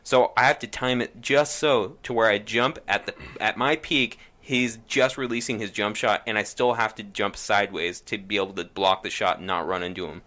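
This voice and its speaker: A man hosting a casual podcast, telling stories from his life in an animated way and acting out what people said. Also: lowish voice, normal speed, hardly any pauses. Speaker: podcast host. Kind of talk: casual storytelling chat.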